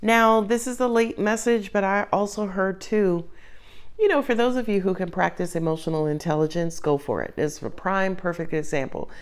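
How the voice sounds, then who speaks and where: A woman giving a casual tarot reading to her viewers, expressive and playful, coaxing them and laughing often. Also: mid-range voice, moderate pace, smooth. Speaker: tarot reader.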